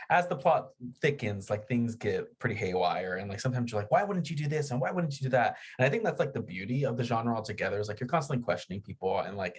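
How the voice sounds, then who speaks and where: A man's voice: medium pitch, slightly rough. A man co-hosting a horror podcast, chatting casually with many fillers as he retells scenes. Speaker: podcast co-host. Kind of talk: casual film discussion.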